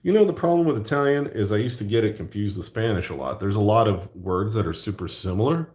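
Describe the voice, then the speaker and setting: A man's voice: fairly low pitch, expressive, quick pace, darkish tone. A young man from the American South with a Southern accent, chatting casually and rambling on a livestream, reading chat and laughing often. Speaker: livestream host.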